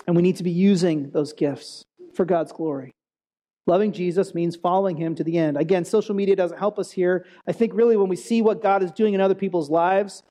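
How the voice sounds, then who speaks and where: Preacher, conversational sermon, mellow tone, casual, keeps asking "right?", acts out quotes. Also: mid-range voice. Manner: animated, acts out quoted speech. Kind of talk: conversational sermon on a Bible passage.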